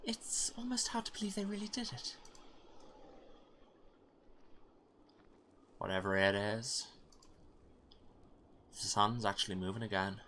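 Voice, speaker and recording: A man voicing a young woman leader in a raised, soft voice, speaking slowly and earnestly. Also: lowish voice, expressive, a little hiss or hum. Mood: wistful.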